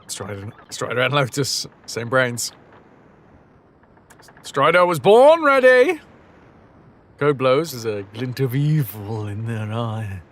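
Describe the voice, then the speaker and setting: A man's voice: medium pitch, a little slow, hardly any pauses, a little hiss or hum. A man chatting and joking as he streams a game, talking to his chat and to the game. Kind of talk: live gameplay commentary.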